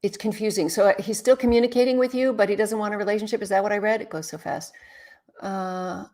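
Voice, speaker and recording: A woman hosting a live relationship-advice stream. She chats, greets viewers, reads out their comments and answers them bluntly, sounding tired after a long day. Her voice grows louder and quieter as she moves toward and away from the mic. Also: medium pitch, steady tone, fast talker. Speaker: relationship expert host. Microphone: webcam mic, moves toward and away from it.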